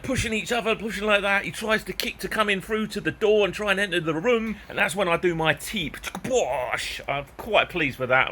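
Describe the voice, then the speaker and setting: A middle-aged man, a vlogger recounting a story to camera in an excitable, chatty way, swearing mildly and chuckling. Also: a little high, slight background noise.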